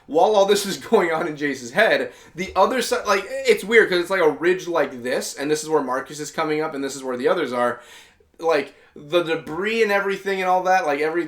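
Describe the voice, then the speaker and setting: A man's voice: on the high side, a little fast, fairly bright tone. A man hosting a casual comic review, rambling through the story with lots of filler and quoted lines. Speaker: host.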